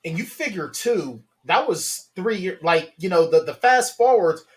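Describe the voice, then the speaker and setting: A man hosting a casual TV reaction talk, lively and often laughing as he retells scenes. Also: unhurried. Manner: animated, quotes scenes in low voices, laughs often. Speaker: podcast host.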